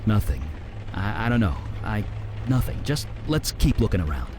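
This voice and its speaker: An actor playing a shaken, evasive man in a video game, halting and stammering. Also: on the low side, sing-song, noisy background. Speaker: game companion character.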